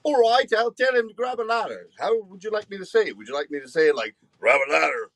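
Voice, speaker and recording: A man putting on a high, mock-earnest voice as an actor asking how to say his line. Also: sing-song, fast talker, fairly bright tone, no room sound, full character voice.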